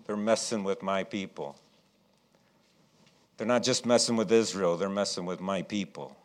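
A middle-aged man preaching a sermon and telling a childhood story, animated and acting out what people said. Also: low voice, normal speed, pauses often. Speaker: pastor.

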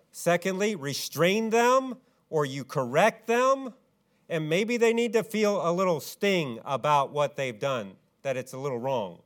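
Delivering his sermon, this male pastor fires off rhetorical question after rhetorical question, his voice alternating between forceful, loud climbs and hushed, low passages.

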